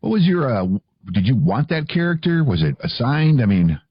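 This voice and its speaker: A man's voice: mid-range voice, big pitch swings, normal speed, breathy edge, dry recording, highs cut off. A man from Albany, New York, hosting a podcast interview in a jokey, storytelling way. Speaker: podcast host. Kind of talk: casual interview chat.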